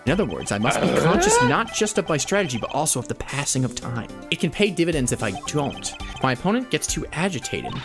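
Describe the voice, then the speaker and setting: A man reading the part of a pompous, formal male prosecutor who talks in measured, lofty phrases. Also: fairly high pitch, sing-song. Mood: calculating. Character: cool, pompous male prosecutor playing mind chess. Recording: game music behind the voice.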